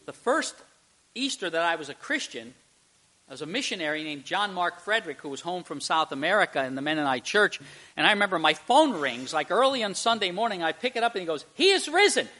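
Male pastor, fairly high, bright voice, relaxed conversational sermon full of restarts. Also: a little fast. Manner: conversational, with frequent restarts and repeated words.

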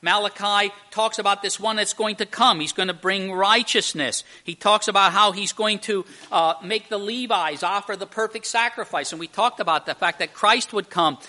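A man's voice: sits high, normal speed, few pauses, sharp tone. A man preaching a sermon, telling a joke and then explaining a Bible passage, with frequent restarts and emphatic stresses. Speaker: pastor.

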